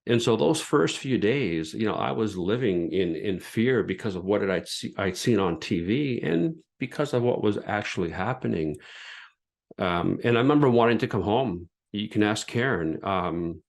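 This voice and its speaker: A man's voice: lowish voice, expressive, normal speed, gravelly. A man in his fifties hosting a podcast, telling a personal story in an earnest, candid way and often repeating words as he goes. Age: 50s. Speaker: podcast host.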